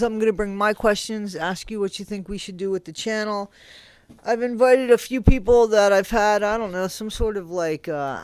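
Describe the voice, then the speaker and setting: In this commentary vlog, the YouTube host chats straight to camera in a rambling, incredulous way, often starting sentences over. A smooth, mid-range voice comes through with no room sound.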